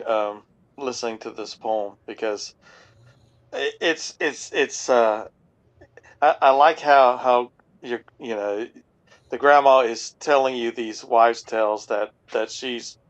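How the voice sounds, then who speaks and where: A man of average pitch shares his take in a casual chat. He hesitates and restarts his sentences often. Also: unhurried.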